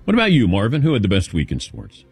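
A man's voice: lowish voice, fast talker, vocal fry, husky, soft background music. A man hosting a sports talk radio show, chatting casually and rambling with lots of fillers. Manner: lively, rambling with many fillers. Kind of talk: casual radio chat taking calls.

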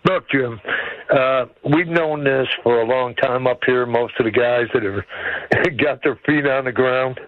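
A man's voice: medium pitch, a little slow, no room sound. A man in his seventies calling in to a radio show, blunt and folksy. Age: 70s. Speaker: caller. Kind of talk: call-in radio chat. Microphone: phone call. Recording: dull phone line.

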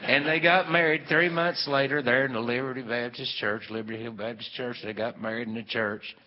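A man spins a meandering, folksy yarn full of little fillers. His voice is pitched in an ordinary middle range. It comes through dull and muffled, with a long hall echo behind it. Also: steady tone, a little fast. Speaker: storyteller. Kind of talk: folksy live storytelling. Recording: dull, hall-echoed live recording.

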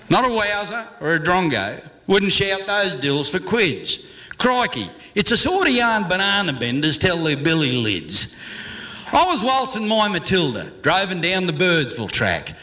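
Aussie bloke reciting a comic slang poem, higher voice, bouncy and theatrical. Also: male voice, bright, forceful tone. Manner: theatrical, swooping delivery with chuckles. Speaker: comic performer.

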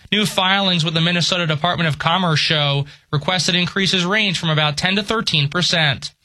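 A man reading a local radio news bulletin in a crisp, measured way. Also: sits high, sharp tone. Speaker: newscaster.

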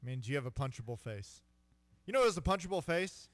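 A man co-hosting a sports radio show, reading odd trivia aloud in a deadpan way and stumbling over foreign words. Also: mid-range voice, fairly quick, dry recording. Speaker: radio co-host. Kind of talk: casual sports radio banter.

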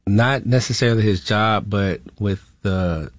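A man's voice: lowish voice, unhurried, no echo. A man, a veteran guest in an interview, speaking hesitantly with many fillers and tag questions. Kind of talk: interview conversation.

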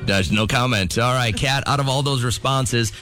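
A man's voice: mid-range voice, fairly bright tone. A man hosting a morning radio call-in game, upbeat and joking. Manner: upbeat, joking, laughs easily. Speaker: radio morning show host.

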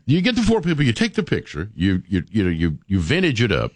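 A man's voice: lowish voice, wildly swooping pitch, fast talker, dry recording. A man hosting a morning radio show, chatting in a rambling way with stammered repeats. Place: radio studio. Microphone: studio microphone.

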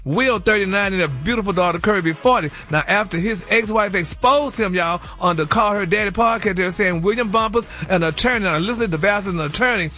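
A man with a high, bright, sharp-edged voice gives the celebrity gossip segment on a morning radio show. He talks in a chatty, emphatic way and keeps throwing in "y'all" and "honey". A little music plays faintly behind him. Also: brisk, hardly any pauses. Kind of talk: casual gossip commentary.

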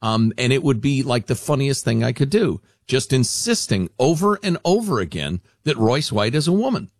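A male talk radio host with a sardonic, mocking edge and a lively, swooping delivery. His voice sits in the middle of the range. The studio sound is dry and close. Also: medium pitch, normal speed, dry recording. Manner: animated, sardonic, deadpan mockery.

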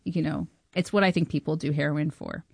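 A woman film director telling stories in an interview, animated and giggly, acting out the people she quotes. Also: low voice, brisk, vocal fry, slightly rough, dry recording. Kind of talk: interview storytelling.

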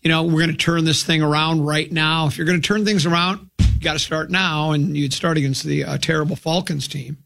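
A man's voice: on the high side, steady tone, a little fast, vocal fry, fairly bright tone, faint music behind. A man hosting sports talk radio, rambling and joking casually about games.

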